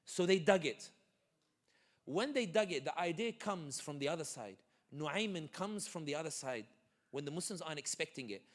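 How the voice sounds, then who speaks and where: Animated man with a high voice. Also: moderate pace. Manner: animated, joking, many asides. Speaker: guest speaker. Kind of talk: lively community talk with stories. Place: community center hall.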